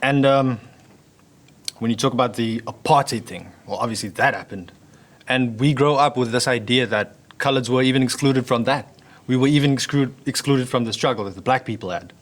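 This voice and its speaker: A man, a guest in a casual conversation, speaking candidly and bluntly. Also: medium pitch. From South Africa. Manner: candid, blunt, quick asides.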